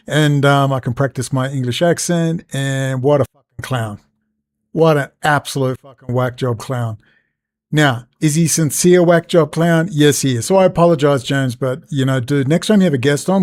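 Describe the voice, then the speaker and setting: A man's voice: on the high side, fairly even intonation, normal speed. Profane, exasperated man ranting. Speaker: vlogger and interviewer. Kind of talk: angry off-the-cuff vlog rant. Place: outdoors near a road.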